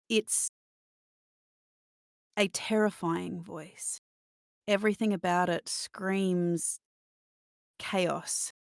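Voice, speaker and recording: A woman game master narrating in an immersive second-person style. She talks slowly with a lowish voice, often pausing and restarting mid-phrase. The sound is dry and close to the mic. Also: fairly even intonation, vocal fry, no echo. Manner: halting, searching for words.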